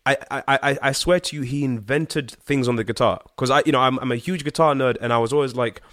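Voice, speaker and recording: Animated slangy man telling a story. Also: medium pitch, quick pace, no echo, clean studio sound. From Zimbabwe. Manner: animated, slangy, swears, many fillers. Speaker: guest singer-songwriter. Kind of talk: casual storytelling chat.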